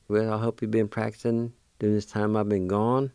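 A man hosting a language lesson, patiently spelling out words letter by letter and pronouncing each one slowly. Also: lowish voice, steady tone, dark tone, smooth, dry recording. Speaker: language teacher and radio host. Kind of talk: slow spelling and pronunciation lesson.

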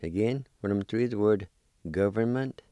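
A man's voice: fairly low pitch, brisk, dark tone, clear, resonant tone, no echo. A man teaching a language lesson, carefully spelling out and repeating words for learners.

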